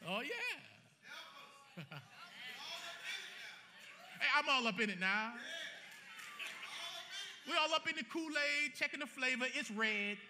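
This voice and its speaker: A man preaching a sermon as pastor, animated and colloquial, joking with his congregation. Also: very high-pitched, noisy background.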